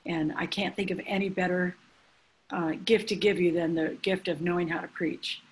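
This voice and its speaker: A woman, a church leader hosting a preaching class over a call, gushing and excited as she speaks. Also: fairly low pitch, normal speed, poor audio. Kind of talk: enthusiastic informal hosting on a call.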